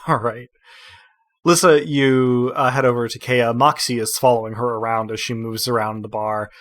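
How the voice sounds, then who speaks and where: A man running a tabletop game as game master, describing scenes in a measured storytelling way. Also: medium pitch, steady tone, fairly bright tone.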